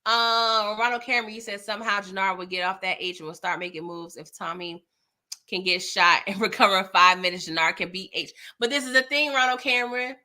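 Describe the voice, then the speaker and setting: A young woman hosting a casual TV recap, talking straight to her viewers in a frustrated, animated way and reading out chat comments. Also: mid-range voice, a little fast. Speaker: TV recap host.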